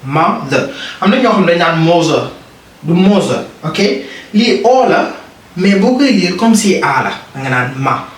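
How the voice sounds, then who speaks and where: A man teaching beginner English, who repeats each word slowly and keeps asking "ok?". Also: high-pitched, sing-song, a bit bright. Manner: repeats words slowly, asks "ok?" often. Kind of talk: beginner language lesson. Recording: roomy, mic at a distance.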